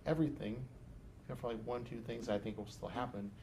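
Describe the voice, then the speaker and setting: A man's voice: mid-range voice, a little fast, gravelly, noisy background. Easygoing male psychology instructor. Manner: relaxed, conversational, hedging with "like". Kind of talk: casual classroom discussion. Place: classroom.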